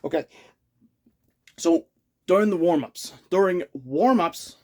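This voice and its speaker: A man's voice: sits high, unhurried, darkish tone. A young man giving an unscripted, rambling sports rant, exasperated and full of restarts and outbursts. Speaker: hockey fan ranting on his channel.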